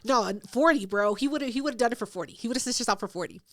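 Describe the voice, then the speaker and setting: A young woman co-hosting a podcast, telling a story in casual chat, profane and animated, acting out what people said. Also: fairly high pitch, fast, no echo, clean studio sound. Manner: animated, profane, acts out quotes. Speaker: podcast co-host.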